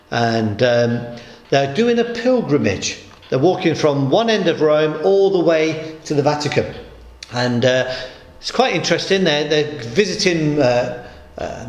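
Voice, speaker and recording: A man preaching a sermon in an emphatic storytelling manner, acting out the voices of the people he quotes. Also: on the high side. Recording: echoey room.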